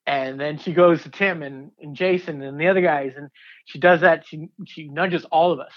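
A man in his fifties, a diver telling a story in an interview, excitable and rambling with many fillers and restarts. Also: fairly high pitch, normal speed, lo-fi sound.

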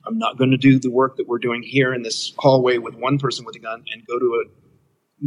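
Husky man telling a lively story. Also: poor audio. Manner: animated, acts out quoted dialogue with big pitch jumps. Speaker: guest telling his story. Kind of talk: casual storytelling in conversation.

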